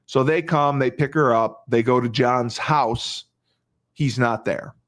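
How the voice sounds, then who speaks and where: A man's voice: mid-range voice, slow pace. Emphatic man retelling a crime case. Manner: emphatic, repeats phrases, many restarts. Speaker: podcast host. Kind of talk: casual true-crime retelling.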